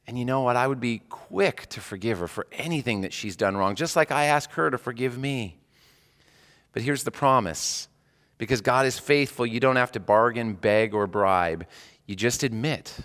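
Bright-toned preacher in a reverberant hall. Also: male voice, mid-range voice, animated, moderate pace. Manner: conversational, rhetorical questions, drops soft for prayers. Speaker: hospice chaplain, preacher. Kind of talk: sermon.

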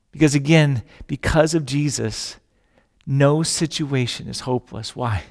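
A man's voice: mid-range voice, unhurried, a little mellow, big-room sound. A man preaching a sermon as a pastor, telling stories with jokes and acting out the voices in them. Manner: storytelling with jokes, acts out voices in quotes.

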